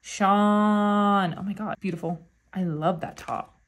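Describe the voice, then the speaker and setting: A woman vlogger unboxing albums in a casual chat, gushing and often gasping with excitement. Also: mid-range voice, slow pace. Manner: gushing, with frequent excited gasps.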